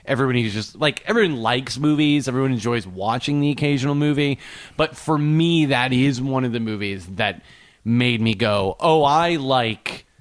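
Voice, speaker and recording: Man, podcast co-host, mid-pitched voice, dry joking, casual film talk. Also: brisk, no room sound. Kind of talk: casual movie chat.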